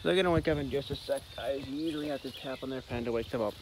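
A man vlogging outdoors on a farm with his dog, chatting casually and talking to the dog in a high sing-song voice. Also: rapid-fire, heavy background noise. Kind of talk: casual vlog narration. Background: faint outdoor ambience.

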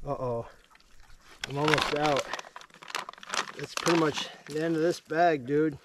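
A man vlogging while shed hunting in the woods, talking warmly to his dogs with excited praise and laughter. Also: fairly high pitch, a little slow, heavy background noise. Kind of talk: casual outdoor vlog talk to dogs. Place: woods outdoors.

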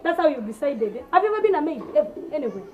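A woman with a Ugandan English accent performs a comedy sketch with a high voice. She rants in a sarcastic, scolding way, with rhetorical questions and mockery. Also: sing-song, rapid-fire, a little mellow, lo-fi sound, slight background noise.

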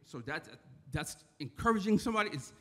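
In an echoey church hall, a church member from the Bronx delivers a casual talk in a New York accent. His voice is a little high, expressive, and slightly quick, and he chats with the congregation, often tossing in "right?"

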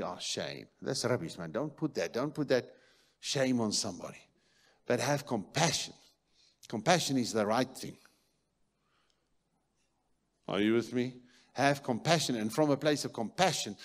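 A man preaching a sermon in a church, moving between loud declarations and quiet murmurs. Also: medium pitch. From South Africa. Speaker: pastor.

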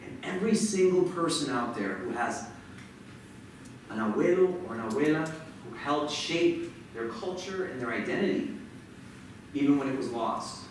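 A man's voice: a little high, lively intonation, normal speed, long pauses, far from the mic, slight background noise. Passionate man speaking in an echoey hall. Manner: passionate, leads the audience in a chant. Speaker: author speaking at a school event. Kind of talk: motivational speech. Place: large lecture hall.

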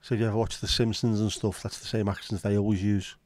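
A livestream host from Liverpool, England, reads viewer comments in casual chat full of swearing and sarcastic banter. He has a low, mellow voice, a flat delivery and a quick pace.

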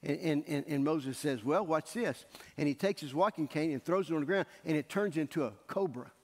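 A male pastor preaching a sermon in a church sanctuary, telling the story in an animated way and acting out the scenes. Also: fairly high pitch, a little fast. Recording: echoey church hall.

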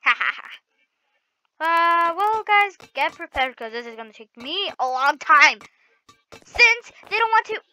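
A woman hosting a let's-play, talking excitedly to viewers and shrieking at the game. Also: extremely high pitch, measured pace, a little hiss or hum. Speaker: gaming channel host. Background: game music.

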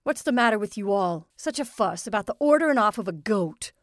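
A woman voicing a gruff, bitter, middle-aged working-class father who blusters and grumbles. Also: lowish voice, a little slow, a little mellow, no room sound, studio quality. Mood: indignant. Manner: surly, blustering.

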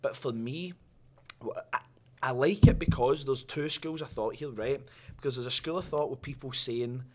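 A man co-hosting a podcast in casual chat, a lively storyteller who swears freely. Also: medium pitch. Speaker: podcast co-host.

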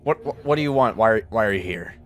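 A man's voice: lowish voice, lively intonation, fast, over loud music, natural voice. Male game master voicing a stammering, easily spooked wererat. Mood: nervous. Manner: jittery, stammering. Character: nervous wererat man, skittish.

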